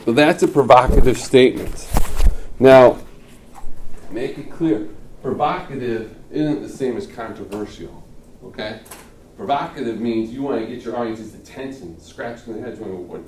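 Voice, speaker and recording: A man's voice: medium pitch, mellow. A middle-aged man teaching a class on giving speeches, chatty and casual, checking in with "okay?" and acting out the audience's reactions. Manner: conversational, peppered with "okay?" checks and acted-out reactions. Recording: roomy classroom audio from a distant mic, faint room noise.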